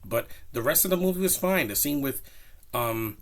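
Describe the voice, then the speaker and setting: A man's voice: mid-range voice, normal speed, slight background noise. Opinionated man reviewing a movie. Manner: opinionated, rambling, animated. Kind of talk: casual spoken film review.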